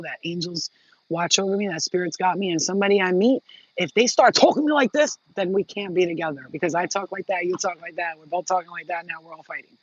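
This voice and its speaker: Talking straight to her viewers in a casual vlog, a woman is blunt, emphatic and freely profane. Her voice is medium in pitch with no echo, and the recording has a dull lo-fi sound.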